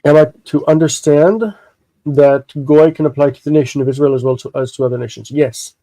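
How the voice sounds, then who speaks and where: A man with congested sinuses, slowly explaining a Bible text in a live lesson, halting and thinking aloud with many fillers. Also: on the high side, level tone, dark tone, dry recording, low-quality recording. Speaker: Hebrew teacher.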